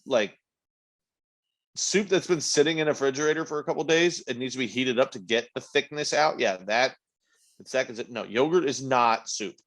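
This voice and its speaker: A man's voice: mid-range voice, moderate pace, fairly bright tone. A man co-hosting a podcast in casual chat, blunt and argumentative, his voice jumping up when he protests. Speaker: podcast co-host.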